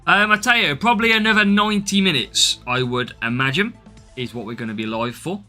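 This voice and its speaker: A man's voice: on the high side, animated, a little fast, pushed and bright, soft background music. A man from the English Midlands with a Midlands accent, chatting through a live game stream and answering viewers' comments as he plays.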